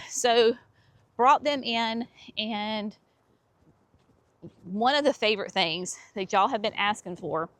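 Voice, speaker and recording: A woman's voice: medium pitch, a bit bright. Chatty woman touring a garden center. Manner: chatty and enthusiastic, says y'all often. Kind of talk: casual walk-through plant showcase.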